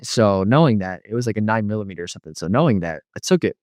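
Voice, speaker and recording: A man's voice: on the low side, lively intonation, rapid-fire, darkish tone, no room sound, clean studio sound. A man giving a personal testimony as an interview guest, rambling and filling his speech with frequent "you know.". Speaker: guest telling his life story.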